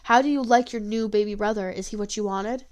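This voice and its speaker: A woman's voice: mid-range voice, fairly even intonation, fairly quick, lightly acted. Brief: woman reader playing a sly old village wisewoman, storybook, hissing and scolding. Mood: menacing.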